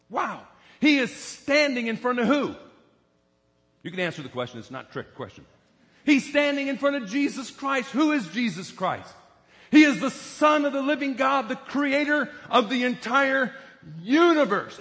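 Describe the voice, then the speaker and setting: A man's voice: a little high, big pitch swings, normal speed, fairly bright tone, in a large hall. A man preaching a sermon as pastor in a church, emphatic and asking the congregation questions.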